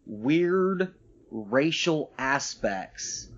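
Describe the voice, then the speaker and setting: A man's voice: mid-range voice, extremely slow, lo-fi sound. A man co-hosting a podcast in casual chat, ranting and swearing as he talks. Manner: profane, ranting, animated. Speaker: podcast co-host.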